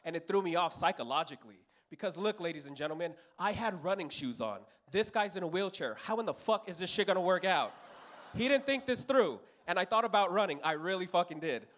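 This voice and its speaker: A man's voice: high voice, fast, hardly any pauses. A man in his thirties from Los Angeles telling a profane stand-up story on stage. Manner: profane, storytelling, animated voices for characters. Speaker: stand-up comedian. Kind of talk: stand-up routine. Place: comedy club stage with audience.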